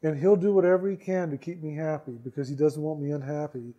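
Man storyteller, fairly high but mellow voice, unhurried and reflective, leans on repetition. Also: fairly even intonation, muffled recording. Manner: slow, reflective, repeats phrases for emphasis. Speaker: speaker telling a personal story. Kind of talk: storytelling talk.

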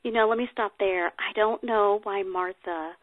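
A woman's voice: mid-range voice, moderate pace, dry recording. Woman workshop speaker, conversational Bible teacher, reads aloud with chatty asides; dry, tinny phone-line recording.

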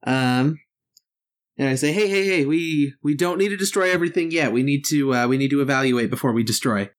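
A woman's voice: a bass voice, fairly quick. A woman playing a tabletop game, speaking tentatively with stammers. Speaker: player. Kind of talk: casual tabletop play.

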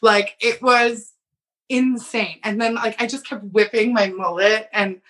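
A woman's voice: a little high, fairly even intonation, measured pace, fairly bright tone. A woman in her thirties telling a story in casual chat, laughing often as she goes.

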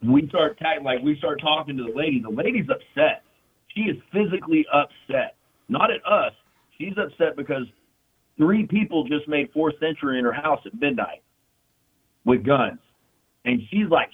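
A man's voice: a little high, expressive, husky. A man telling war stories in casual, profane talk, full of fillers and repeated "you know what I mean". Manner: casual, profane, fast storytelling with frequent fillers. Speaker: military veteran guest. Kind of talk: casual storytelling. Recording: tinny phone-like sound.

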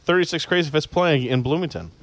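A man's voice: on the high side, fast, a bit bright. A young man hosting a casual chat, laughing a lot and quizzing each friend in turn. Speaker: host.

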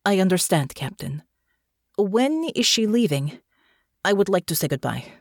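A woman's voice: mid-range voice, expressive, moderate pace, no room sound, clean studio sound. A woman reading a story aloud, voicing a fierce young woman soldier who speaks formally, without contractions, and pleads through grief. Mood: restrained.

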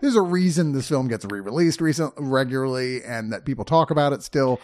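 A man co-hosting a podcast, chatting casually about films as an animated storyteller who swears freely. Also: medium pitch, a little fast. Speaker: podcast co-host. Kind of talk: casual movie review chat.

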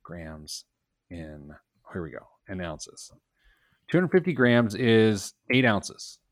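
A man's voice: on the low side, slow pace, no echo, studio quality. A man hosting a personal finance show, reading news items with playful emphasis and joking with his co-host. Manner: animated, jokey, reads items with playful emphasis. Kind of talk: casual radio show banter.

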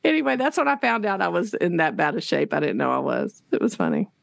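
A woman's voice: lowish voice, wildly swooping pitch, fast talker, vocal fry, no room sound, studio quality. A middle-aged woman, a teacher and podcast co-host, chatting casually and acting out the voices of her classroom talk with laughter. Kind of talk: casual conversation, storytelling.

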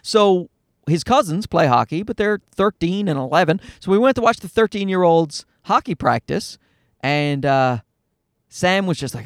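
A man's voice: high voice, moderate pace, creaky, no room sound, clean studio sound. A man hosting a podcast alone from a parked car, telling rambling, profane, self-mocking stories about being a father. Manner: profane, animated and self-deprecating. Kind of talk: casual rambling storytelling monologue. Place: parked car in a parking lot.

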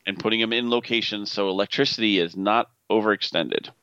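A man's voice: lowish voice, fairly quick, bright, forceful tone, no echo, muffled recording. A man co-hosting a podcast in casual, profane, laughing banter. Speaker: podcast co-host. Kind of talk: casual chat.

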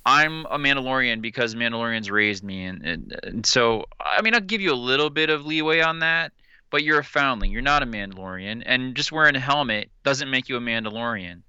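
A man co-hosting a podcast who jokes and rants sarcastically in casual chat. His voice is very bright and smooth. The recording is dry and a little dull. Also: medium pitch, expressive, fairly quick, no echo. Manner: joking, sarcastic. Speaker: podcast co-host.

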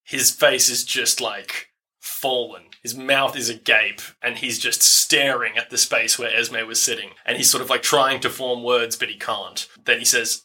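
A man's voice: medium pitch, fairly even intonation, unhurried, sharp tone, slightly rough. A man running a tabletop game as game master, narrating scenes in a casual, descriptive way with lots of "like".

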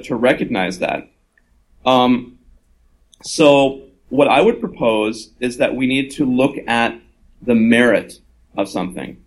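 A man's voice: medium pitch, poor audio. Earnest man reasoning aloud. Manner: earnest, reasoning aloud, slips into quoted voices. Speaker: author and invited speaker. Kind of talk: conversational talk at a live gathering.

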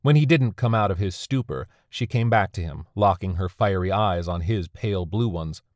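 Low-voiced male audiobook narrator. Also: lively intonation, normal speed, dry recording, studio quality. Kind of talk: scripted narration.

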